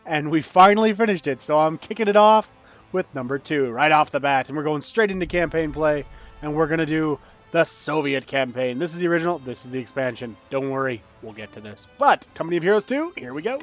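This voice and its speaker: A man's voice: a little high, expressive, brisk, highs cut off, faint music behind. A man hosting a let's play, chatting casually and joking as he plays. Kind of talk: casual gameplay commentary.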